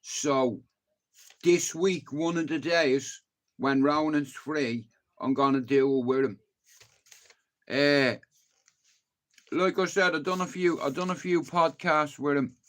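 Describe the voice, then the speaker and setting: A man's voice: a little high, steady tone, takes it slowly, long pauses, fairly bright tone. A man with a Dublin Irish accent chatting casually to his livestream viewers, rambling and swearing freely. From Dublin, Ireland.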